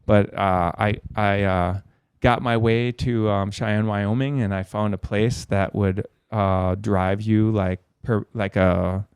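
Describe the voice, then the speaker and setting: A man's voice: on the low side, fairly even intonation, slow, hardly any pauses, clean tone, no room sound, studio quality. A man as a podcast guest, telling a long story in a rambling way, swearing a lot. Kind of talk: casual storytelling.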